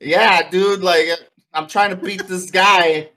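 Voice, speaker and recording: Excitable rambling podcast guy. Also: sits high, takes it slowly. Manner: rambling, excitable, swears casually. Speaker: podcast co-host. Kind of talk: casual wrestling podcast chat.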